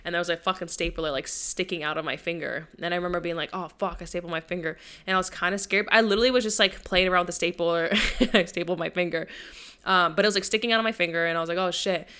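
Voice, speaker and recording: A young woman hosts her podcast in a loose, rambling way, piling on fillers and swearing freely. Her voice sits a little low and sounds smooth and clear, and she comes across as chatty and unfiltered. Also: fairly even intonation, quick pace, bright, forceful tone. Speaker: podcast host. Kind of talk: casual chat.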